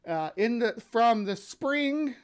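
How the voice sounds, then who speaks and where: A woman hosting a live stream in a bubbly, rambling, chatty way, her voice slightly hoarse from sinus drainage. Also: fairly high pitch, lively intonation, slow pace. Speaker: livestream host. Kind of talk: casual live-stream chat. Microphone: webcam setup.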